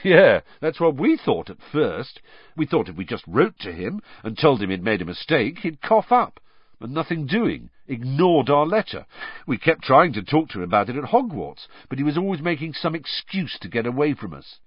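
A man's voice: mid-range voice, very animated, moderate pace, husky, no room sound, lo-fi sound, voice pushed up. A man voicing a wry, gloomy teenage boy with a dry, bitter edge.

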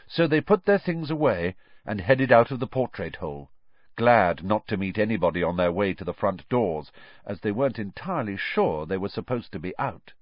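A man reading a novel aloud as an audiobook narrator, expressive and varied. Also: fairly low pitch, moderate pace, dry recording. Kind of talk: scripted storybook narration. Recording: dry, slightly dull audio.

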